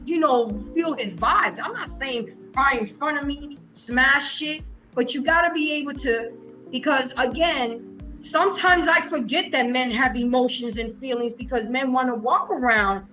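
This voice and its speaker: A woman's voice: high voice, expressive, a little slow, bright, forceful tone, faint music behind. A middle-aged woman hosting a live-stream discussion, talking frankly and with passion, cursing freely. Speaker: host. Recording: dull lo-fi stream audio.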